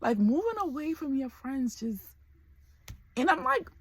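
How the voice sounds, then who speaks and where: A woman's voice: sits high, sing-song, a little slow. A woman in her forties talking candidly to camera in a personal vlog, emotional and close to tears. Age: 40s. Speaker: vlogger.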